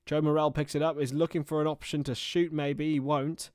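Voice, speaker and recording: A man's voice: on the high side, little pitch movement, a little fast, darkish tone, smooth, dry recording, clean studio sound. Chatty young man calling a match. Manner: chatty, rambling asides between play-by-play. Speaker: livestream football commentator. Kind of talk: casual watchalong match commentary.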